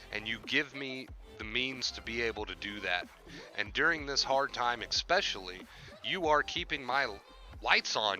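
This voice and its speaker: A man's voice: mid-range voice, pushed and bright. A man hosting a live stream, talking casually and earnestly to his viewers while grieving, often repeating himself for emphasis. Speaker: YouTube live-streamer hosting a mental-health Q&A.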